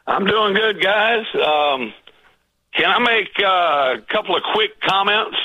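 A man's voice: high-pitched, lively intonation, takes it slowly, highs cut off. A man calling into a radio show, speaking hesitantly with ums and uhs. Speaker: radio caller and game contestant. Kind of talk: casual phone call.

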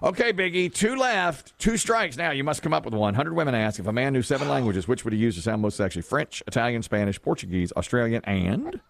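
A man's voice: mid-range voice, expressive, brisk, vocal fry, hardly any pauses, no room sound. A man hosting a quiz game on a radio show, upbeat and teasing, repeating the question for each player.

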